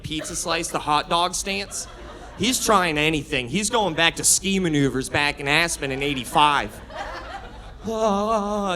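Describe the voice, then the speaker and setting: A man's voice: sits high, pushed and bright. A man doing a stand-up comedy set on a club stage, talking energetically to the crowd with frequent laughs and restarts.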